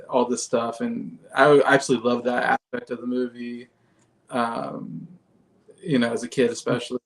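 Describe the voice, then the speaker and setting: Guy rambling on a podcast, bit of vocal fry, mid pitch, laughing here and there. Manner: rambling, many fillers and soft laughs. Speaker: podcast guest. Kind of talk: casual chat.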